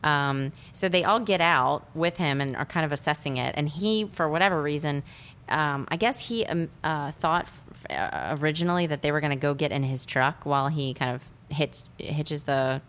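Low, smooth-voiced woman, casual rambling movie recap. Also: moderate pace, a bit bright. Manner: rambling, with many fillers. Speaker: podcast co-host.

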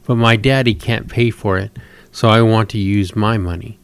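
A man's voice: lowish voice, fairly even intonation, normal speed, smooth, no echo, lightly acted. A man voicing an earnest, determined eight-year-old girl in a read-aloud story, sounding insistent and pleading.

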